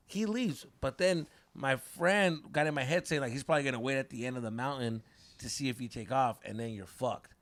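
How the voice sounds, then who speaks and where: A man's voice: medium pitch, gravelly, fairly bright tone. A man telling a story on a podcast in a casual, profane way, switching between English and Spanish. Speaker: podcast co-host.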